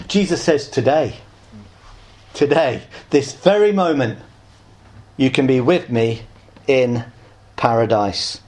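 A man preaching an evangelistic sermon, earnest and pleading, lifting his voice on key words and dropping low and soft at the close of phrases.

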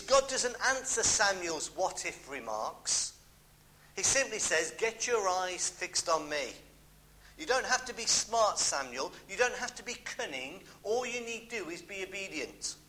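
A man's voice: high voice, pushed and bright, rough recording. A middle-aged man with a British accent preaching a sermon, emphatic, repeating key phrases and adding homely asides.

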